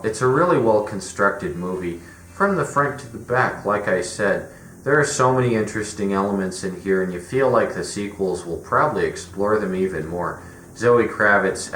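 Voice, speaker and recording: Deep-voiced man ranting casually, roomy echo. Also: a bit bright. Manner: rambling, profane, opinionated, many fillers. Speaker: movie reviewer. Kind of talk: casual spoken movie review. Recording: roomy echo with faint background noise.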